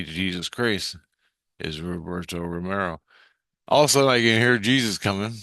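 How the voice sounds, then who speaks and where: A man's voice: on the low side, fairly bright tone, clean tone, no echo. A man telling a personal story in a casual, rambling way, cursing and restarting his sentences. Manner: rambling, profane, frequent restarts.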